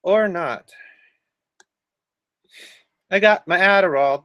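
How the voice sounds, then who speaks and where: A man's voice: a little high, animated, moderate pace, long pauses, a bit bright, no echo. A man hosting a casual livestream, rambling and meandering, now and then humming a sing-song tune. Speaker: livestream host.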